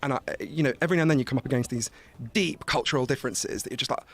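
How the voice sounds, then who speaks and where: A British man, a journalist, talking casually as a podcast guest, animated and swearing freely as he tells anecdotes. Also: medium pitch, racing, slightly rough. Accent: British English. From Britain.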